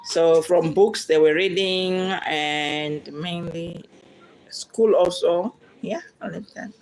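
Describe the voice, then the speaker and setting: A woman's voice: lowish voice, takes it slowly, a little mellow, slight background noise, poor audio. A woman with a Zimbabwean accent, a native Shona speaker, chatting with viewers in a casual question-and-answer vlog, talking to them directly and laughing often.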